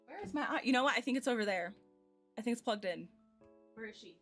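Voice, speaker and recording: A woman's voice: fairly high pitch, animated, fast talker. An American woman in her twenties, a streamer chatting casually and giggling as she thinks aloud while playing a game. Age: 20s. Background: soft game music.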